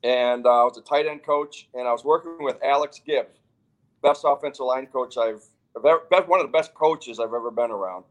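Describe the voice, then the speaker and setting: A man's voice: mid-range voice, brisk, rough recording. Chatty older male football coach. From Wisconsin. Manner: chatty, restarts phrases. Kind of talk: casual interview storytelling.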